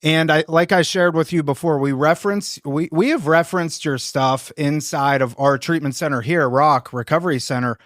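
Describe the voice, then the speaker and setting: A man around forty hosts a recovery podcast and talks in an earnest, loosely phrased way. His voice sits a little high. The sound is dry and close. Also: normal speed, hardly any pauses, fairly bright tone, no echo. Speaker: podcast host. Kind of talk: podcast interview.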